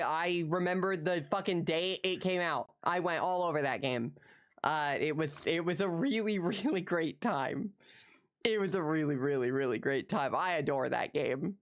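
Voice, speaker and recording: A woman chatting casually with her viewers on a live stream, excitable and full of swearing, who repeats the same phrase again and again. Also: fairly low pitch.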